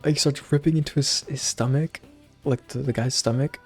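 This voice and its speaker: A man's voice: medium pitch, steady tone, moderate pace, darkish tone, breathy edge, faint music behind. A young man casually recapping a movie, rambling with lots of slang and fillers. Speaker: channel host.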